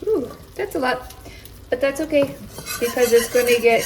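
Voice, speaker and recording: A woman's voice: on the high side, measured pace, background noise. A middle-aged woman chatting through a cooking demonstration in her home kitchen, explaining each step as she goes. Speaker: home cook demonstrating a recipe. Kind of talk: casual cooking tutorial.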